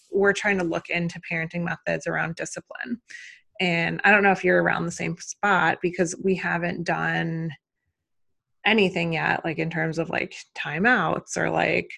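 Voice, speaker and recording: A woman's voice: fairly low pitch, creaky, a bit bright. A woman in her thirties, a mother talking through her parenting worries in a casual, rambling conversation full of fillers and second-guessing. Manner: rambling, self-questioning, many fillers. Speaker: mother and podcast guest.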